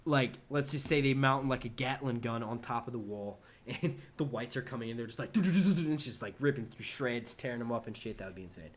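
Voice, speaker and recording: A man's voice: mid-range voice, brisk, few pauses, fairly bright tone. Chatty, profane male live-streamer. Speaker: vlogger answering viewer questions. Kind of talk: casual live-stream chat.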